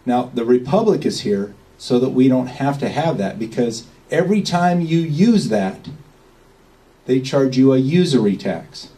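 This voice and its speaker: A man speaks to a small gathering in a loose, folksy way and keeps asking if everyone follows. His voice is dark and mellow. He sits well back from the microphone. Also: medium pitch, expressive, measured pace, distant mic, low-quality recording. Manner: rambling, folksy, checks in with "okay?". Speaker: speaker at a meeting. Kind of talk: informal talk to a small group.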